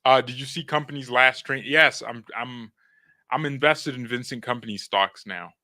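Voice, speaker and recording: A man's voice: medium pitch, moderate pace, pushed and bright, no room sound. A young man hosting a fan live stream, joking in slang, talking to his chat and reading news aloud. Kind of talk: casual live-stream commentary.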